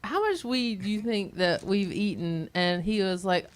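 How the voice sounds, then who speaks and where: A woman telling a funny personal story, animated and often breaking into laughter. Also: medium pitch, normal speed. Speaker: comedian. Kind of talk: comedic storytelling.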